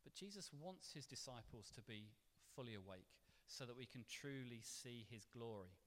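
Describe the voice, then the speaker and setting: Animated preacher in a reverberant church. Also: male voice, mid-range voice, moderate pace. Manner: conversational and animated, with playful asides. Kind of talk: sermon. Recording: long reverb of a church hall.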